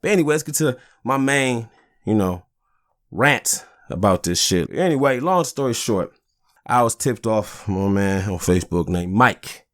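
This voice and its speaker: A man's voice: lowish voice, animated, unhurried. A man hosting a podcast, ranting angrily and swearing a lot, often asking "you know what I'm saying?". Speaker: podcast host. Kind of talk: casual ranting monologue.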